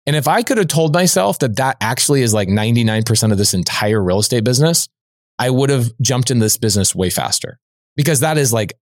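A man with a somewhat low voice recounts an anecdote as a podcast guest. His telling is loose and animated, with frequent "like" fillers. The sound is dry, with no room echo. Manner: lively, conversational, many "like" fillers. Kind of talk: storytelling anecdote.

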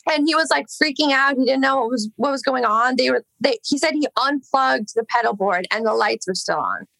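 A young woman from Los Angeles tells a rambling story in a casual chat, peppering it with "like" and curse words. Her voice is bright and gravelly with plenty of vocal fry, recorded close and dry. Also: high voice, fairly quick, dry recording, low-quality recording. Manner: rambling, heavy filler "like", swearing. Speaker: singer, podcast guest.

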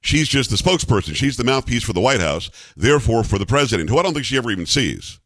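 A man hosting a political commentary show, talking in a sarcastic, animated way. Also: medium pitch, fast talker, no echo, studio quality. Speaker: talk show host.

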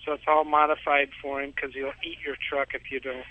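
A man's voice: mid-range voice, flat delivery, a little fast, dry recording. A man calling in to a radio show, telling a long rambling story with frequent chuckles, heard over a tinny phone line. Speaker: caller.

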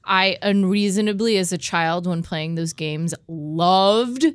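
A woman's voice: lowish voice, measured pace, clean tone, no echo. A woman co-hosting a podcast in casual chat, curious and self-deprecating with plenty of fillers. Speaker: podcast co-host.

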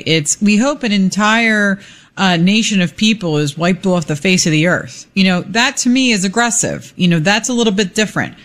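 A co-host on a talk radio show, chatting in an animated, playful way. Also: mid-range voice, normal speed. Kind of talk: casual talk radio banter.

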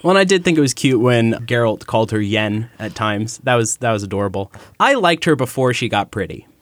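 A wry, playful man chatting on a podcast at a middle pitch. His voice is recorded close and dry, without room echo. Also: animated, fairly quick. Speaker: podcast panelist. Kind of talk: casual chat.

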